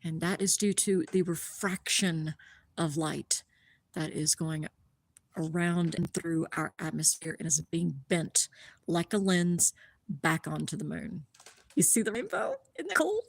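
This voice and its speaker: A woman hosting a live stream of a lunar eclipse, explaining the view and gushing with awe, often dropping to a hushed whisper. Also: low-pitched, fairly even intonation, slow, creaky. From Columbus, Ohio area. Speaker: livestream host showing a telescope view. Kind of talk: live-streamed stargazing commentary.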